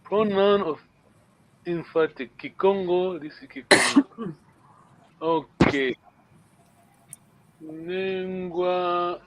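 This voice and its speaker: A man teaching a language class online, patient, often checking understanding with a quick question. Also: high-pitched, lo-fi sound, a little hiss or hum.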